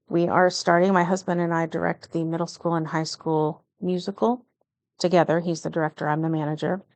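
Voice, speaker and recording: A middle-aged woman with a lowish voice and vocal fry talks through a casual plan-with-me vlog, sounding a little nervous and often correcting herself. The recording is dry.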